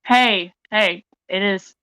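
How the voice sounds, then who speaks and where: A woman's voice: mid-range voice, slow pace, pushed and bright, smooth, no room sound. A woman playing in a tabletop game, bossy and teasing toward the others. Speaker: player. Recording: dull, dry sound.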